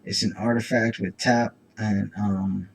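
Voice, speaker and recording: A man's voice: fairly low pitch, flat delivery, measured pace, creaky, poor audio. A man with an itchy throat hosting a casual card-opening video. He reads card text aloud and rambles through asides. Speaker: host.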